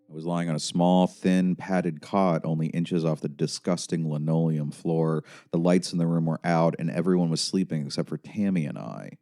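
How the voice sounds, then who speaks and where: Deep-voiced man reading his memoir. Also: mellow. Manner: confessional, intense. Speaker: author and narrator. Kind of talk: audiobook memoir narration.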